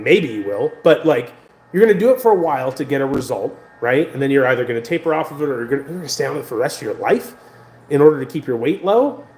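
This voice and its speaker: An American man talking to the camera in a casual vlog, rambling and animated, with many fillers and restarts. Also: a little high, reverberant. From United States. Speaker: vlogger.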